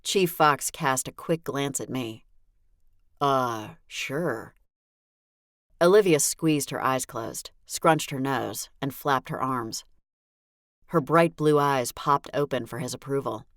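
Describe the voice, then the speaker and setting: A woman's voice: very deep voice, unhurried, dry recording, studio quality. A woman narrating a first-person audiobook in a wry, exasperated tone.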